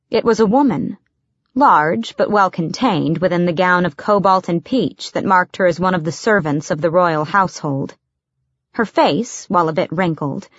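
Woman audiobook narrator, steady reading, slightly dull sound. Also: on the low side, dry recording.

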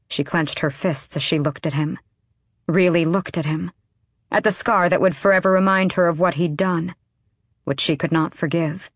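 A woman with a voice on the low side narrates an audiobook in a measured, even storytelling style. The sound is clean studio audio with no room sound.

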